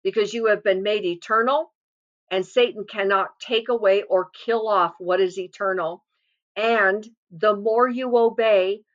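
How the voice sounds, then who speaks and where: A woman preaching a sermon, earnestly quoting and explaining scripture with emphatic delivery. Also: on the high side. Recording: muffled lo-fi recording.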